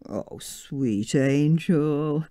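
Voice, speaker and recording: Woman doing a gallant but sheepish young husband, hesitant, low and dark-toned, dry close sound. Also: very animated, a little slow, breathy edge, no room sound, exaggerated voice. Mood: earnest, tender.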